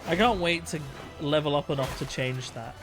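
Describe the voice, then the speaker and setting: A man's voice: fairly high pitch, moderate pace, music in the background. A man streaming a game, chatting in a joking, rambling way. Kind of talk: casual gaming stream chat.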